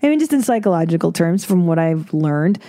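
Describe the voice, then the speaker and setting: A woman's voice: lowish voice, sing-song, a little fast, mellow. A woman hosting an advice podcast, talking bluntly in a casual monologue, swearing freely and laughing between points. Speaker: podcast host giving advice.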